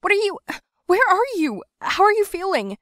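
A woman's voice: very high voice, sing-song, fairly bright tone, no room sound, studio quality, voice pushed up, exaggerated voice. A woman doing a fretful, worried young man. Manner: fretful and rapid-fire questioning. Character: anxious young man, fussing and worried friend.

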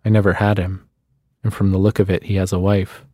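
A man reading the lines of a wry, restless adult woman in a short story, in a quiet, musing manner. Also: low-pitched, flat delivery, brisk, no echo, clean studio sound.

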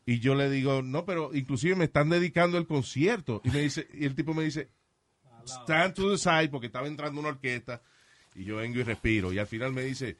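A man telling animated stories in casual chat, mixing Spanish and English. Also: on the high side, fast. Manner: storytelling, switches between Spanish and English. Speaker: entertainer and MC.

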